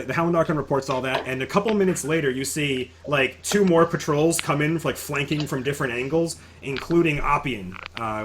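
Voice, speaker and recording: A man's voice: mid-range voice, fairly bright tone, a little hiss or hum. A man narrating a tabletop game as game master, talking casually with frequent stammers and restarts.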